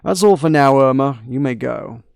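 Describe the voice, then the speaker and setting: Brief: man playing a formal, probing guard interrogator, gravelly, dry close mic. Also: medium pitch, lively intonation, moderate pace, no room sound. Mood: stern. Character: stern male castle guard interrogator.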